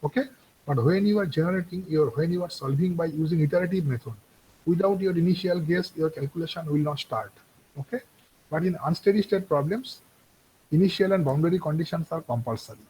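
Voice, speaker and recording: A man's voice: on the high side, brisk, mellow, slight background noise, low-quality recording. A man giving a university engineering lecture, repeating points and checking in with "okay" often.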